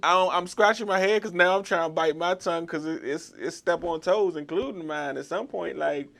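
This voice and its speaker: Male host, slightly high voice, slangy and animated. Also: brisk, vocal fry. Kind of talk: casual chat.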